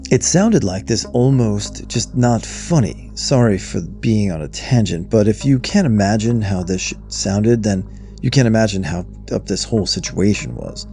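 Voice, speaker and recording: A low-voiced man with a gravelly, creaky edge tells a first-person horror story. His tone is dark and mellow, and his delivery is blunt, casual and full of swearing, with faint music underneath. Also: animated, moderate pace. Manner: blunt, profane, conversational telling.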